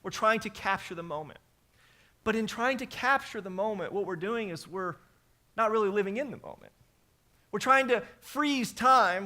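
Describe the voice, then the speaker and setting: Bright, high-voiced animated male preacher. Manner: animated storytelling with emphatic repetitions. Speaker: pastor. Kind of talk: sermon.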